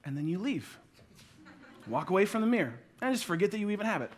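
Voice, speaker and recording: A man in his thirties preaching a sermon, playful and storytelling, acting out little everyday scenes with quick asides. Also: sits high, very animated, slight background noise. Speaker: pastor.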